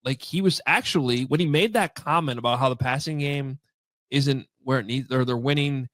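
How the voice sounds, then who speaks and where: A man's voice: mid-range voice, moderate pace, a bit bright. A man co-hosting a sports podcast, chatty and loose, with lots of fillers. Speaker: podcast co-host. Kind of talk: casual podcast chat.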